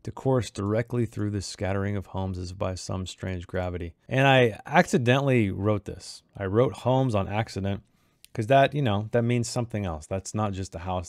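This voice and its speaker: A man with a lowish, gravelly voice talks through his own short story in a loose, reflective way. He thinks aloud and often stops to restart a phrase. The sound is dry and close. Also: no echo. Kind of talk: casual commentary on his writing.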